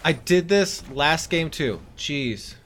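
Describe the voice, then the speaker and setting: A man's voice: a little high, expressive, takes it slowly, a bit bright, faint music behind. A man casually commenting on his own card game, talking to his opponent with mock-exasperated outbursts. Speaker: streamer playing a card game.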